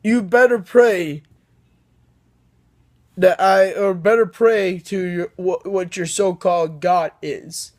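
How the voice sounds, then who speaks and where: A threatening galactic emperor, as a young man puts him on while telling a fan story. The lines come slowly, each threat drawn out. The voice sits fairly high for a man. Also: steady tone. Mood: menacing.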